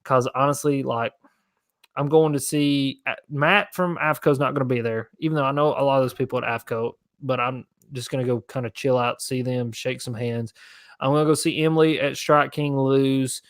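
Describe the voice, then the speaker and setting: A man's voice: medium pitch, steady tone, normal speed, dry recording. Laid-back young man on a dry mic. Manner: laid-back, rambling, answering viewer questions. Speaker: fishing channel host. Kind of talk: casual livestream Q&A.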